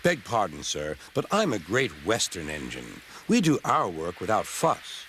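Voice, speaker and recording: A man voicing a calm male engine who speaks in a polite, formal way. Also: sits low, a little slow, slight background noise, full character voice. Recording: background music.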